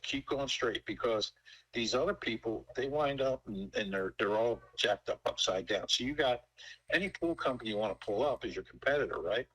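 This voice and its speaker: A man's voice: medium pitch, expressive, moderate pace, fairly bright tone, slightly rough, low-quality recording. A man in his sixties who owns a pool company, talking casually and emphatically in a folksy, storytelling way. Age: 60s. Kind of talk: casual sales call.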